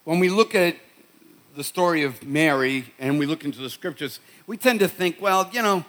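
Storytelling pastor with a Boston accent. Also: male voice, a little high, fairly bright tone. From Boston, USA. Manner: conversational storytelling with repeated restarts. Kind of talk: sermon.

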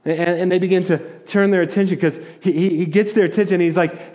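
A pastor speaks briskly with hardly any pauses, his voice sitting high, fairly even in intonation, and a little mellow. His sermon is conversational storytelling, with frequent restarts and acted-out voices for quoted people.

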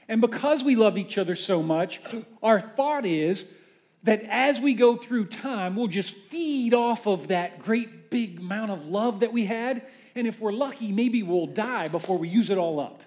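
A man preaching a conversational sermon as a pastor, animated and full of rhetorical questions. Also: high voice, measured pace.

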